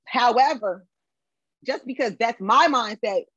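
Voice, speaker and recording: Husky-voiced woman guest, casual chat. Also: fairly high pitch, a little slow, fairly bright tone, dry recording, muffled recording. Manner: conversational, repeats filler words.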